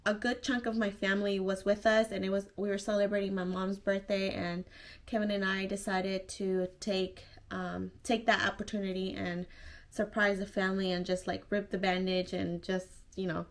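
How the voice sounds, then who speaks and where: A young woman tells a personal story straight to her viewers in a casual vlog. She is chatty and emotional and often restarts her sentences. Her voice sits at an ordinary middle pitch. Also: level tone, normal speed. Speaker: vlogger.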